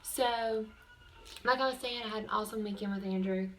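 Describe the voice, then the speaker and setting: A woman's voice: mid-range voice, steady tone, a little fast, a little hiss or hum. A young woman vlogging from her bedroom, chatting casually to the camera with lots of fillers. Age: young adult. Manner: chatty, rambling, with many fillers.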